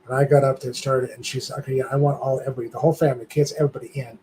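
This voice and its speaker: Older man telling an animated story. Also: mid-range voice, rapid-fire, a little hiss or hum, rough recording. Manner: animated storytelling, acting out quoted voices. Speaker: guest. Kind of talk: casual live-stream chat.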